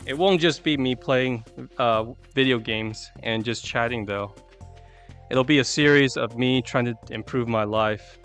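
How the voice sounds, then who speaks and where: A man's voice: medium pitch, a little slow, a bit bright, faint music behind. A man chatting casually and rambling while streaming a video game, talking to his viewers through a desk microphone. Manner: rambling, chatty, self-deprecating. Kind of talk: casual gameplay chat.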